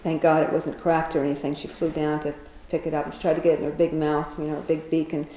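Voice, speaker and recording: A woman's voice: low-pitched, little pitch movement, fast talker, mellow, reverberant, slight background noise, rough recording. A woman casually retelling a children's fable, chatty, often laughing, with many fillers and restarts. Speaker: storyteller.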